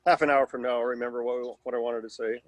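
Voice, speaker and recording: A man's voice: mid-range voice, fairly even intonation, fast, no echo. A man in his sixties telling a rambling, wry story over a video call at a class reunion. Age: 60s. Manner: rambling, wry, self-deprecating humor. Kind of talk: casual anecdote on video call.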